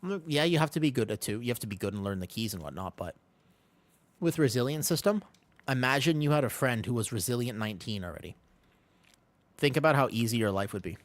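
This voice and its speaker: A man's voice: mid-range voice, expressive, quick pace, no room sound. A man streaming a game, chatting casually with his chat, joking and answering questions.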